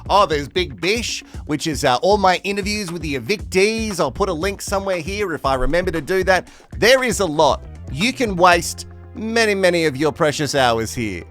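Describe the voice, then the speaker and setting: A camp Australian man recaps reality TV in a bright, forceful voice pitched a little high. He talks in a chatty, teasing way and laughs often. Faint music plays behind him. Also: lively intonation, moderate pace. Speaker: recap show host.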